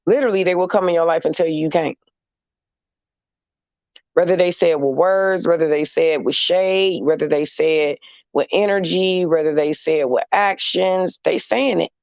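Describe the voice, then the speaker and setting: A vlogger talks casually to camera in an emphatic, sassy, repetitive monologue. His voice is a little high and gravelly, at a moderate pace, captured in a dull, dry lo-fi recording with no echo.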